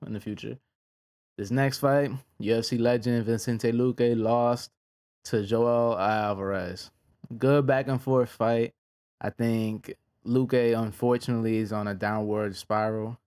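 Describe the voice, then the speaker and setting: A man talks through a night of fights in a relaxed, slang-heavy reaction style, often pausing with an "um" before moving on. His voice sits at an ordinary middle pitch. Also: clear, resonant tone. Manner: laid-back, slangy, many "um" pauses. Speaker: host reviewing fight results. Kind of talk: casual reaction commentary.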